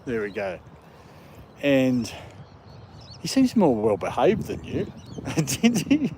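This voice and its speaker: A man with an Australian British accent, rambling easily and chuckling as he hosts a live stream. He speaks at a middling pitch into his phone outdoors in a park, with faint noise and passing traffic behind him. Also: wildly swooping pitch, takes it slowly, warm tone. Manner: rambling and chuckling, talking to chat and dogs. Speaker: live-stream host walking his dogs. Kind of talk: casual live-stream chat.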